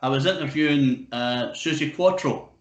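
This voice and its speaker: A man hosting a relaxed video-call interview. He chats freely, laughs loudly and drops the odd swear. His voice carries a roomy echo from the room he sits in. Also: medium pitch, moderate pace, dull audio. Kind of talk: casual video-call chat.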